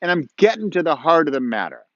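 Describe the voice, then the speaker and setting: A man's voice: on the high side, very animated, fast talker, dry recording, lo-fi sound. A man hosting his own show in casual, encouraging talk, chatty and rambling with playful asides, recorded outdoors at dawn. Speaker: host of a motivational podcast-vlog.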